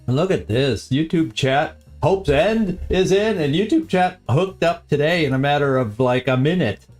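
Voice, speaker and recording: A man's voice: a little high, normal speed, darkish tone. Laid-back guy streaming a game, chats easy, lots of little chuckles, bit of music underneath. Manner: easygoing, chuckles often, repeats phrases. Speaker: live-stream game host. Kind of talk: casual live-stream chat.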